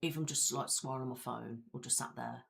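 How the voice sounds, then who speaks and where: Belfast woman with a low voice, rambly chatty live stream host, lots of ums and likes. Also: fairly even intonation, a little fast, creaky. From Belfast, Northern Ireland. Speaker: ASMR creator hosting a live stream. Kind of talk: casual live-stream chat.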